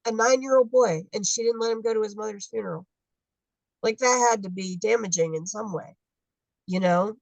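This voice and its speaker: A woman's voice: medium pitch, gravelly, no echo, poor audio. A woman in her fifties telling her story casually on a video call, acting out the dialogue of people she met. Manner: animated, acts out dialogue in quotes. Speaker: guest adoptee.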